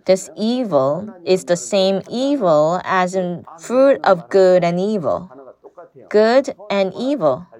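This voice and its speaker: A woman's voice: mid-range voice, expressive, slow, a little mellow. A woman preaching an earnest sermon who puts questions to her listeners.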